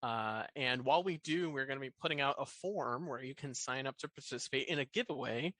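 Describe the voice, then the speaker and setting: Male dungeon master, bright dry voice, laid-back narration full of fillers. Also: medium pitch, a little fast, dry recording. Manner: relaxed, hesitant with fillers. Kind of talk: narrating a tabletop game.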